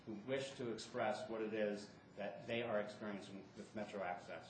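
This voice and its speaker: A lower-voiced man addresses a public board meeting, pausing on fillers and restarting his sentences. He sounds far from the microphone in a large echoey room, with steady background noise. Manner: halting, many fillers and restarts. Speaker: board member.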